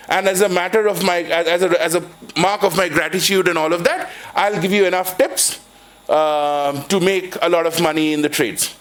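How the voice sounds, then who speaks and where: A man with an Indian English accent giving a university lecture on finance, rambling with frequent restarts and telling anecdotes. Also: a little high. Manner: rambling, many restarts and "kind of", jokey storytelling. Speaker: finance professor. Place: lecture hall.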